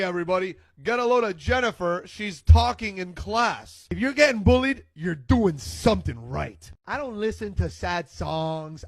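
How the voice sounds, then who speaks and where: High-voiced animated man doing stand-up. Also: no echo. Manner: animated, acts out quoted voices. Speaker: stand-up comedian. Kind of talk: stand-up comedy set. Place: at home.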